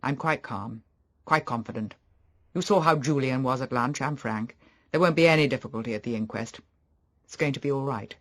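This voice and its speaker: Man reading as a brooding gentleman, audiobook, low subdued delivery, mid-range voice. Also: moderate pace, close to an everyday voice. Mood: grave. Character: troubled middle-aged gentleman, grimly calm husband.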